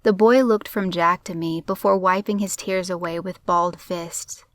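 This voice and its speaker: A woman narrating a crime story in a steady, measured audiobook reading. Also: fairly low pitch.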